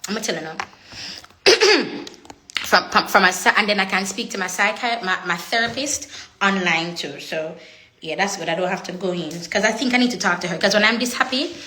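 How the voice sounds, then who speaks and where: Bright-voiced woman. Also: mid-range voice, lively intonation, fairly quick, slight background noise. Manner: chatty, switches into patois, laughs often. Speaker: social media personality. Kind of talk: casual livestream chat. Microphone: phone.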